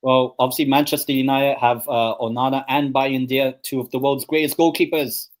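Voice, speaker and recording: A man's voice: medium pitch, fairly even intonation, moderate pace. Rambling young man hosting a stream. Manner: chatty, rambling, lots of ums and obviouslys. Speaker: host of a live match watchalong stream. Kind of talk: casual chat and match predictions.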